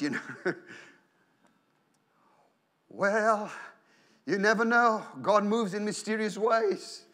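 A man with a high-pitched voice preaches a sermon from a church pulpit. He is animated and acts out prayers and inner thoughts in different voices. His phrases often stumble, repeat and restart. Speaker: pastor.

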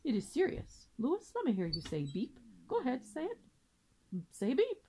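A woman's voice: high-pitched, wildly swooping pitch, normal speed, warm tone, a little hiss or hum, voice pushed up. A woman reading aloud and voicing a pompous, long-winded male father swan who lectures formally. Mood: insistent.

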